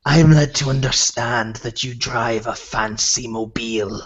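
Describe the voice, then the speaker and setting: Player doing a gruff werewolf elder, slow and husky, muffled lo-fi sound. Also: male voice, mid-range voice, fairly even intonation. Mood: menacing. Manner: gruff put-on accent, threatening. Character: stern, menacing male werewolf elder. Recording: muffled lo-fi recording.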